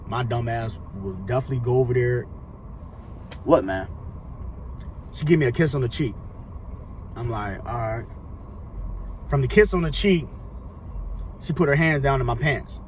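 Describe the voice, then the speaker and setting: A man's voice: mid-range voice, lively intonation, a little fast, a little hiss or hum. A young man telling a casual storytime monologue, rambling and profane, full of slang fillers. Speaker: storyteller vlogger.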